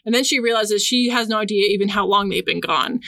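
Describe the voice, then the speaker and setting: A woman casually retelling a novel's plot on a podcast, full of "like"s and quick acted-out quotes. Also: mid-range voice, gravelly, sharp tone, dry recording. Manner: chatty retelling with many "like"s, acts out quotes. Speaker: podcast co-host summarizing a book. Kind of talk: casual chat.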